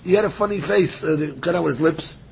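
A man teaching a daily Talmud class, reading passages aloud and retelling them as a lively story. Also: on the high side, fairly quick, creaky. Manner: lively storytelling, reads Aramaic then explains in English.

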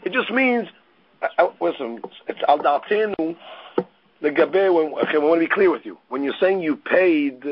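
A man giving a Talmud study lecture, reading Aramaic lines and explaining them in English with animated storytelling and frequent restarts. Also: on the high side, moderate pace, breathy edge, lo-fi sound. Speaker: Talmud teacher.

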